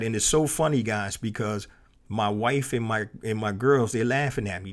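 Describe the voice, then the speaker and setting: A man's voice: lowish voice, moderate pace. A middle-aged man hosting a solo podcast, telling a personal story in a loose, conversational way with many fillers and restarts. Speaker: podcast host.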